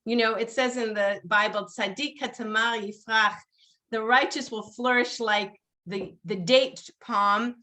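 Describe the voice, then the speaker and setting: Bright-voiced woman rabbi on a video call. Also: on the high side, fairly even intonation, a little slow. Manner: chatty, laughs often, chants Hebrew blessings. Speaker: rabbi leading a seder. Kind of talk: leading a video-call Tu Bishvat seder.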